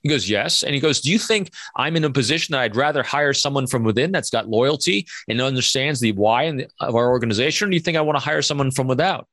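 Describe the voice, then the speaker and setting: A man in his fifties, a podcast guest, telling animated stories and acting out quoted dialogue. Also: mid-range voice, fast talker, few pauses, dry recording, studio quality. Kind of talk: conversational storytelling interview.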